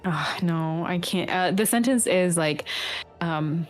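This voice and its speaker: Woman game master, low voice, rambling narration, frequent fillers. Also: slow, soft background music.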